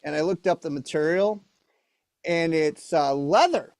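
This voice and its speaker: A man's voice: on the high side, measured pace, darkish tone, no echo, clean studio sound. A middle-aged man performing a ventriloquist comedy act, playing the exasperated straight man to his puppet.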